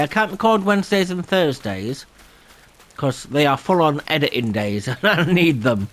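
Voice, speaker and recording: A man's voice: fairly high pitch, very animated, moderate pace, fairly bright tone. A man hosting a gameplay video, rambling and self-deprecating and laughing often. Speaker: gaming channel host. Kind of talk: casual gameplay commentary.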